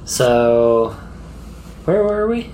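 A man's voice: medium pitch, big pitch swings, drawn-out words, dark tone, slight background noise. Giggly rambling man co-hosting a podcast. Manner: rambling, giggly, lots of fillers. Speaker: podcast co-host. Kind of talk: casual travel podcast chat.

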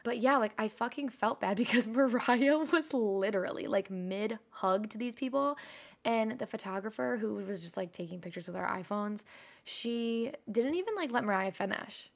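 A woman's voice: on the high side, animated, moderate pace, creaky. A young woman co-hosting a podcast, chatting casually and telling a story with lots of swearing. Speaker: podcast co-host. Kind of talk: casual chat.

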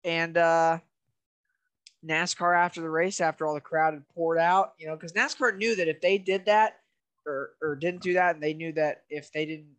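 Bright-voiced man rambling on a podcast. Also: on the high side, steady tone, moderate pace. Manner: rambling, leans heavily on "you know". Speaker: podcast co-host. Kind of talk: casual podcast chat.

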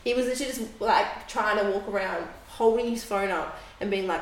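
A woman's voice: medium pitch, brisk, few pauses, a little hiss or hum. A woman, co-hosting a podcast and telling a story in casual chat, acting out what people said. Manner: animated storytelling, acting out quotes. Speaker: podcast co-host. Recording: echoey room.

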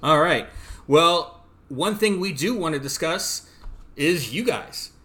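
A man's voice: fairly high pitch, animated, slow pace, bright, forceful tone. Easygoing, hesitant male podcast co-host. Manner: easygoing, hesitant, lots of fillers. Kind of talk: casual wrestling chat. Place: apartment.

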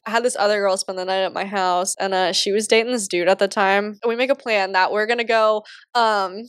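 A woman's voice: mid-range voice, fairly even intonation, fairly quick, clear, resonant tone, no room sound, studio quality. A young woman co-hosting a podcast, telling a long story in casual chat, rambling with lots of filler words. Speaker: podcast co-host.

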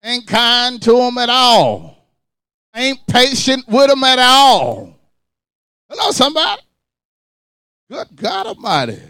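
A male pastor preaching a sermon, calling out to the congregation and swinging between shouted lines and quiet asides. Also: very high-pitched, wildly swooping pitch, slow, pauses often, clear, resonant tone, dry recording, clean studio sound.

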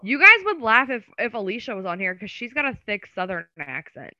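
A woman hosting a podcast in casual chat, giggly and excitable. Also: fairly high pitch, fairly quick, lo-fi sound, background noise. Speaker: podcast host.

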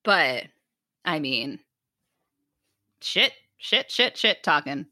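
A woman hosting a podcast, chatting casually and telling animated stories, slipping into mocking voices. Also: low-pitched, very slow, no room sound, clean studio sound. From Italian immigrant family. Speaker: podcast host. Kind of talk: casual chat.

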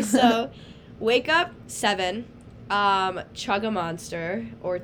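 Young woman guest, bright tone, animated storyteller, faint hiss behind her. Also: medium pitch, takes it slowly. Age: young adult. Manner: animated storyteller, laughing often. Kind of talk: casual chat.

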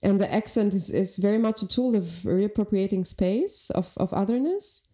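A woman's voice: medium pitch, mellow. A woman from Albania, a podcast guest talking reflectively and thinking aloud. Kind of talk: conversational interview.

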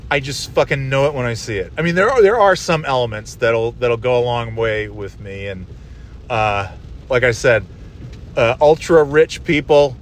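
A man's voice: mid-range voice, moderate pace, slight background noise. Rambling man talking while driving. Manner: rambling, swears casually. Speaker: solo podcast host. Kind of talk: casual monologue while driving. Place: inside a car.

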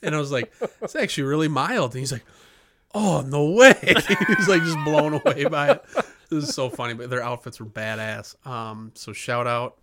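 A man in his thirties, a podcast co-host, telling stories in casual chat, animated, laughing and swearing often. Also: medium pitch, brisk, background noise. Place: podcast studio.

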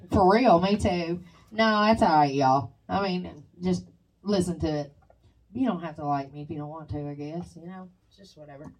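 A woman's voice: lowish voice, moderate pace, a little mellow, recorded from a distance, low-quality recording. A woman co-hosting a casual podcast, telling stories, swearing freely and mimicking other people's voices. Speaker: podcast co-host. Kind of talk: casual chat.

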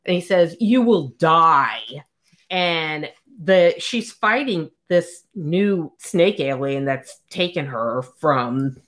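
A woman's voice: low-pitched, takes it slowly, few pauses. A woman co-hosting a casual chat, animatedly retelling a book's plot and acting out the quotes. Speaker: podcast co-host. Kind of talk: casual book recap chat.

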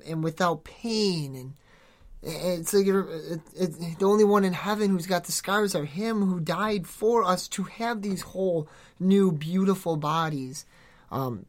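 A podcast host preaching informally in an earnest, exhorting way, rambling with many restarts and self-corrections. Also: mid-range voice. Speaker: podcast host giving a devotional.

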